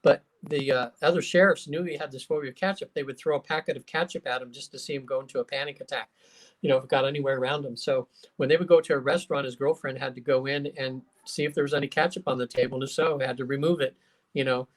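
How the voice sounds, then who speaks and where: A man, a hypnotherapist and guest, telling stories in a casual, animated way, acting out quotes with plenty of fillers. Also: medium pitch, fast talker. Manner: animated storyteller, acts out quotes, many fillers. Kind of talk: casual storytelling interview.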